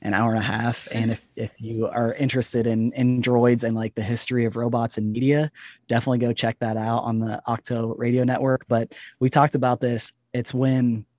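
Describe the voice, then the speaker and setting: A man's voice: mid-range voice, level tone, normal speed, a little mellow, dry recording. Enthusiastic man chatting on a podcast. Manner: enthusiastic, chatty, laughs often. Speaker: podcast guest. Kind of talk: casual podcast chat.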